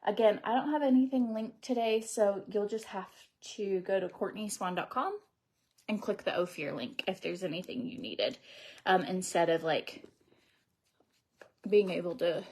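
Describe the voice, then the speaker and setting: On a relaxed get-ready-with-me livestream, a beauty vlogger in her thirties chats loosely as she does her makeup, often dropping close to a whisper. She talks at a normal speed in a medium-pitched, slightly mellow voice with a breathy edge.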